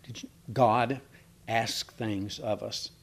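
A man's voice: on the low side, fairly even intonation, slow. Conversational man teaching scripture. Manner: conversational, asks the room questions, hesitant with many fillers. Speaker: preacher. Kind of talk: informal Bible teaching to a small congregation.

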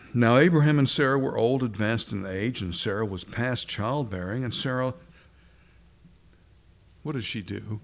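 Deliberate male preacher. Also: mid-range voice, vocal fry. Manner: deliberate, asks the congregation questions, slows down for emphasis. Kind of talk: sermon.

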